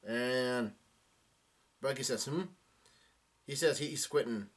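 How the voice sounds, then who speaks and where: A man's voice: medium pitch, a little slow. A young man doing a casual live reaction to a manga chapter, reading the dialogue aloud with many fillers and restarts.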